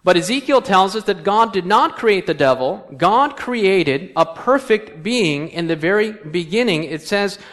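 A man preaching a sermon in a church. He reads scripture aloud and quizzes the congregation, moving between quiet asides and emphatic lines. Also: high-pitched. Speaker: pastor. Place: church sanctuary.

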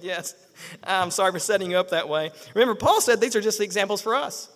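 A middle-aged male pastor preaches a sermon, animated, acting out quotes and firing rhetorical questions at his congregation. His voice is high-pitched and fast, with a long reverb tail.

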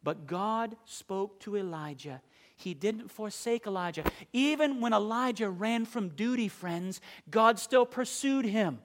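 A man preaching a sermon, asking the congregation questions and reading scripture with slow, drawn-out emphasis, his delivery swinging from booming to hushed. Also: lively intonation.

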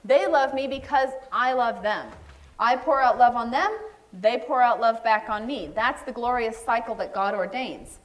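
A woman's voice: on the high side, normal speed. A middle-aged woman preaching a sermon, telling stories and acting out the voices of the people she quotes.

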